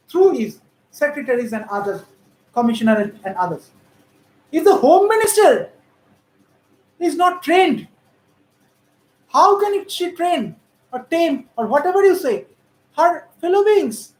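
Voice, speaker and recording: A woman's voice: high voice, sing-song, unhurried, long pauses. A woman giving critical, emphatic political commentary on how politicians speak. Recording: roomy echo.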